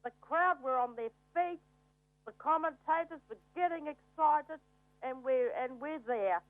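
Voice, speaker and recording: A woman calls a talkback show, sounding gushing and proud. Her voice is high, and the sound is thin and dry, as if over a phone. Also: unhurried, dry recording. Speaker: radio caller. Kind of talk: casual phone call. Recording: tinny phone line.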